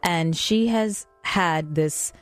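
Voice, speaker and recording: A woman's voice: on the low side, very slow, dry recording, faint music behind. A woman in her thirties co-hosting a radio show, chatting casually and telling stories with lots of laughter. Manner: animated storyteller, laughs often. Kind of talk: casual morning radio chat. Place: radio studio.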